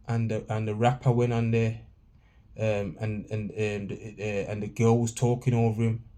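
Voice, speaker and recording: Ranting man, mellow voice. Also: medium pitch. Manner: ranting, slangy, mixes in patois phrases. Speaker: podcast reviewer. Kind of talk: blunt opinion review.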